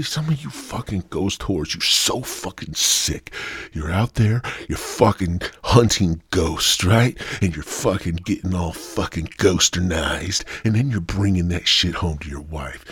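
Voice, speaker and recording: Low-voiced, husky man hosting a solo podcast: loose, profane, stoned monologue with an animated delivery and a sore throat. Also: no echo. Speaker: podcast host. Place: home studio.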